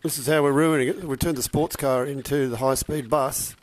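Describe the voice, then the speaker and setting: A man's voice: mid-range voice, fairly even intonation, fairly quick, slight background noise. An older man, joking and swearing as he shows a boatyard in a casual vlog. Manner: crude, joking, swears freely. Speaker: boat builder and vlogger. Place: outdoors at a shipyard.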